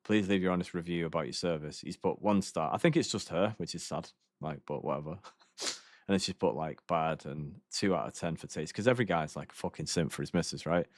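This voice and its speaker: Deep-voiced man, sweary and rambling. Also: brisk, no room sound, studio quality. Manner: swearing, laughing, rambling storyteller. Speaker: game streamer. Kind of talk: casual chat.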